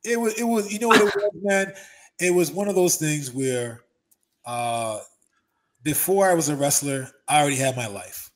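A man in his thirties, a former pro wrestler, telling profane, lively stories as an interview guest. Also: fairly high pitch, normal speed. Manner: animated storyteller, profane, acts out quotes. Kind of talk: casual storytelling interview.

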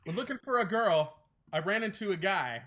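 Bright, high-voiced male quizmaster. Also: expressive, normal speed, a little hiss or hum. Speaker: quizmaster host. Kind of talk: game show hosting, reading lyrics aloud.

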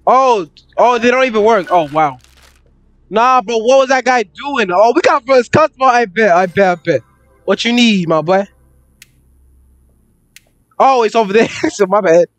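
A man's voice: high voice, measured pace, pauses often, soft background music. A young man commentating a horror game playthrough, chatting in slang and yelping when startled. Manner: excitable slangy chatter, jumpy yelps. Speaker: gaming YouTuber.

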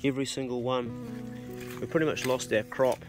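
A man's voice: mid-range voice, steady tone, a little fast, over music. A middle-aged man hosting a casual vlog outdoors on his farm, talking bluntly and swearing easily. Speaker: farm owner and channel host. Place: outdoors on a rural farm property.

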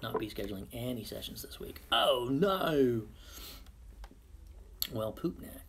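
A man's voice: lowish voice, steady tone, a little fast, vocal fry, very noisy. A man hosting a casual live-stream podcast, playful and muttering silly asides to himself as he sets up at his computer. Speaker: podcast host on a livestream.

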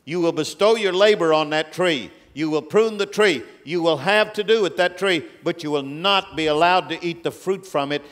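A man preaching a sermon as a guest speaker, swinging between loud, drawn-out declarations and quiet, low rebukes, in a large church auditorium. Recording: long reverb of a big hall.

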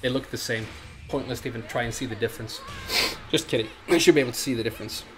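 A man's voice: mid-range voice, fairly bright tone, soft background music. A man with a cold, casually commentating his gameplay on stream, swearing and trash-talking as he plays. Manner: profane, trash-talking, quick asides. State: congested from a cold. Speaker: game streamer.

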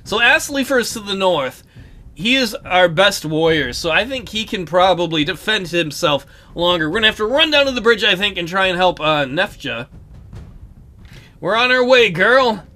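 A man hosting a let's play, chatting casually and cracking jokes as he reads the game text. His voice is high and very bright, with animated swings in pitch. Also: moderate pace. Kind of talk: casual gameplay commentary.

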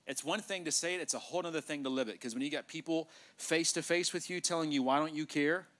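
A man preaches a sermon in a church, his voice pitched a little high and bright. He delivers it with animated energy, joking with the congregation and acting out conversations. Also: fast talker. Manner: animated preaching with humor and acted-out dialogue. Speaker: pastor. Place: church sanctuary.

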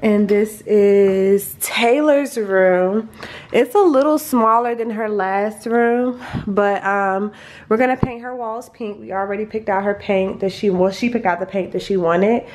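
A woman's voice: mid-range voice, moderate pace. A young woman giving a casual, gushing tour of her family's new empty house, recorded on a handheld phone, talking with lots of fillers and a little out of breath as she walks room to room. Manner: chatty, gushing, full of fillers. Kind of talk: casual home tour vlog.

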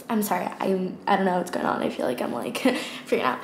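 A woman's voice: mid-range voice, fairly quick, gravelly. A young woman chatting casually through her makeup routine as a beauty vlogger, rambling with lots of fillers. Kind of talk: casual get-ready-with-me chat. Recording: echoey room with faint ambient noise.

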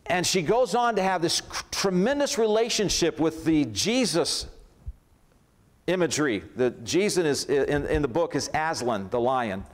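A man preaching in a church, his voice sitting a little high for a man. He talks conversationally and builds up emphatic lists. The pace stays easy and unhurried. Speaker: pastor. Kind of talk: sermon. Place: church sanctuary.

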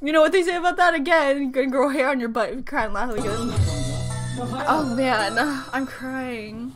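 A young woman reacting excitedly on her channel, gushing, squealing and laughing until she cries. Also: high-pitched, fast talker, over music. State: crying and laughing. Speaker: reaction video host.

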